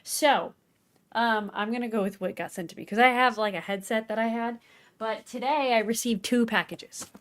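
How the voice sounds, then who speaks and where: A woman's voice: a little high, moderate pace. A woman co-hosting a casual gaming podcast, bubbly and giggly, telling a rambling story. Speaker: podcast co-host. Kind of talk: casual chat.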